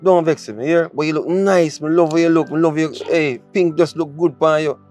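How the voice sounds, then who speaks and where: A man's voice: a little high, normal speed, a little mellow, soft background music, natural voice. An actor playing a Jamaican man who coaxes his girlfriend in patois and repeats himself. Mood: coaxing. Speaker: boyfriend. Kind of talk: indie film acting.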